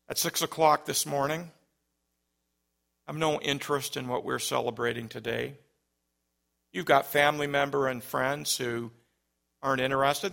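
Male pastor, slow deliberate delivery, earnest Easter sermon. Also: mid-range voice, vocal fry. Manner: earnest, builds to loud calls.

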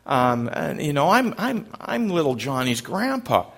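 A man voicing an older, soft-hearted grandfather with a raised, pleading voice in a spoken story. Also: fairly high pitch, very animated, a little slow, exaggerated voice.

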